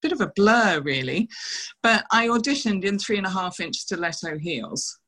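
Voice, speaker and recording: A middle-aged woman, a former dancer, telling lively anecdotes in an interview. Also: medium pitch, normal speed, husky, rough recording. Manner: animated anecdotes, quoting others with laughs. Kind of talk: casual storytelling interview.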